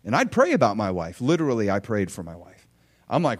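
A man preaching a sermon as a personal story, conversational with fillers and questions to the listeners, swinging from hushed tones to loud shouts. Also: medium pitch, sing-song, fairly quick. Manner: emotional storytelling with big swings from quiet to shouting.

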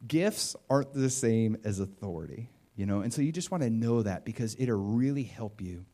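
A man preaching a sermon in an animated, conversational way, often acting out what people say. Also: lowish voice, normal speed. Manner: animated and conversational, acts out quotes.

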